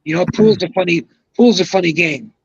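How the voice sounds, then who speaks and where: An older man in his seventies with a fairly high voice rambles through a long anecdote and leans hard on his emphatic asides. The sound is dry and close, with a dull, lo-fi edge. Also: brisk, breathy edge, no room sound. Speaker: guest, retired pro bowler. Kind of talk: casual storytelling on a podcast.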